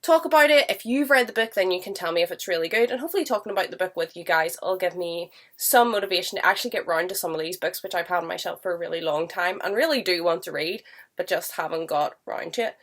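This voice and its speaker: A woman's voice: fairly low pitch, fast talker, a bit bright. A woman with a stuffy voice from a cold, chatting casually and enthusiastically about books at home. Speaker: book vlogger. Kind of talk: casual chat to camera.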